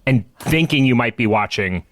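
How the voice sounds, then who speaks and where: Dry, deadpan man podcast co-host. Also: medium pitch, moderate pace, dry recording. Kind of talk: casual podcast chat.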